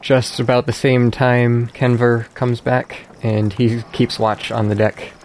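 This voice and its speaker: A man narrating as game master in a tabletop role-playing game, describing scenes in a measured, descriptive way. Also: mid-range voice, little pitch movement, darkish tone, slight background noise.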